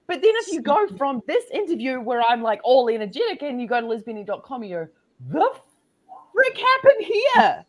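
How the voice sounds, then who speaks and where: A woman from New Zealand, a guest entrepreneur in a casual interview, talking in a bubbly, animated way with sudden high exclamations. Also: quick pace, hardly any pauses.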